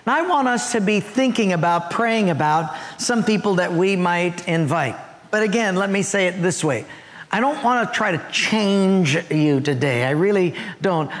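A man's voice: high-pitched, a little slow, long reverb tail. A male pastor preaching a sermon to his church, telling humorous stories and acting out their voices. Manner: animated storytelling with acted voices and humor. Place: church sanctuary.

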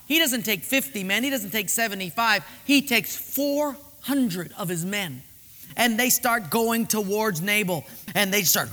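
A man preaching a sermon as a humorous, animated storyteller. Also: high voice, moderate pace, big-room sound. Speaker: pastor.

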